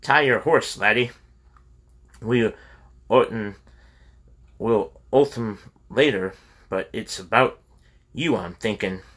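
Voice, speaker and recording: Hearty older Scottish host with a brogue, teasing and welcoming, read by a man; brightish and pitched up. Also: slow pace, pauses often. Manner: hearty and teasing, calls people laddie.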